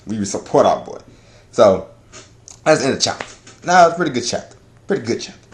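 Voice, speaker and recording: A man giving a casual chapter review, talking in a loud, profane, rambling way that is full of laughter. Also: mid-range voice, big pitch swings, quick pace. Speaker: anime and manga reviewer.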